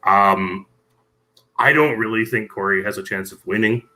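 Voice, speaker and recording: A man guests on a casual podcast and talks about the topic with clear knowledge. His voice sits low but has a very sharp, bright edge. He speaks in a measured way and often says um. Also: low-quality recording. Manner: knowledgeable, measured, many ums.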